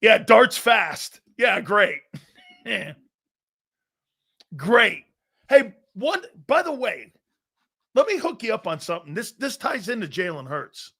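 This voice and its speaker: A loud, boisterous man hosting a football talk show, his voice pitched high for a man and swooping widely as he rants. He laughs often, swears freely and tells rambling stories in stop-start bursts. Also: big pitch swings, takes it slowly, creaky, long pauses, husky. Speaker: sports talk show host. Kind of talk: live football talk and storytelling.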